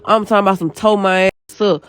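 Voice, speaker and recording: A young woman telling a personal story in casual, animated, slang-heavy talk. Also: mid-range voice, quick pace, no echo.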